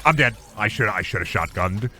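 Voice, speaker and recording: A man's voice: lowish voice, lively intonation, a little fast, bright, forceful tone, slight background noise. A man streaming a game in casual, crude, goofy commentary, rambling between jokes and trash-talk at opponents.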